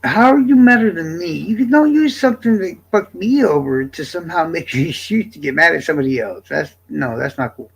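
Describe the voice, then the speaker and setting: Brief: male streamer, gravelly rasp, blunt and exasperated, swears freely. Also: fairly high pitch, lively intonation, fairly quick, few pauses, poor audio. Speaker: live streamer. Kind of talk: casual live-stream chat.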